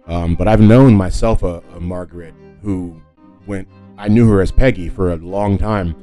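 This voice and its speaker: A man's voice: sits low, fairly even intonation, moderate pace, dark tone, soft background music. A man hosting a solo podcast, talking casually in a rambling way with lots of fillers and self-corrections. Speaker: podcast host.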